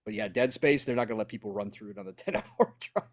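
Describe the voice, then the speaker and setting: A man hosting a casual gaming podcast, talking in an animated, opinionated way and laughing often. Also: lowish voice, fast talker, dry recording, studio quality. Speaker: podcast host.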